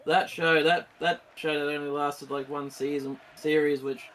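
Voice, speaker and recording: A man talking casually over a hockey gameplay stream. His voice sits a little higher than most men's, and he rambles, circles back and laughs easily as he goes. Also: level tone, moderate pace, a bit bright, a little hiss or hum. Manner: rambling, restarts often, giggly. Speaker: streamer co-host.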